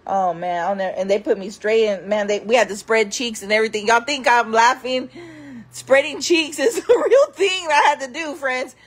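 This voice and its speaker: A woman vlogger telling wild stories in casual talk, laughing often, calling her viewers friends and acting out other people in loud voices. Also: a little high, normal speed. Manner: acts out quoted people in loud raised voices.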